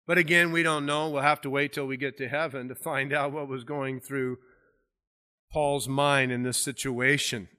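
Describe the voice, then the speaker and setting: A man's voice: mid-range voice, fairly even intonation, moderate pace, sharp tone. A man preaching an expository sermon as pastor, explaining a Bible passage in a conversational way and lifting his voice when he reads scripture aloud. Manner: conversational Bible teaching with rising emphasis on scripture readings.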